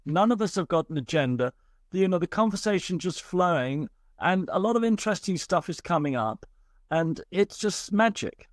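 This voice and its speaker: A man speaking as a guest in a casual podcast conversation, animated and quick to laugh. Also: high-pitched, dry recording, studio quality. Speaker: guest scientist.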